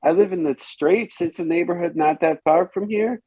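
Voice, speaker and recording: A man's voice: high-pitched, normal speed, mellow, breathy edge, no echo. A man voicing a guarded fifteen-year-old from a poor neighborhood, hesitant and humming before he answers, in a tabletop role-play game.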